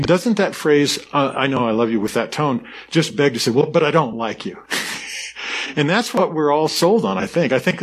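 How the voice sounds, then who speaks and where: A man's voice: fairly high pitch, slightly rough. A man pastor giving an earnest, conversational sermon, often restarting his sentences. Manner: conversational and earnest, with frequent restarts and soft laughs.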